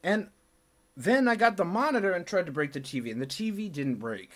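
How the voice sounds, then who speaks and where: A man telling a story to his viewers in a casual, animated rant, profane, rambling and repetitive. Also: high-pitched, a little fast. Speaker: vlogger.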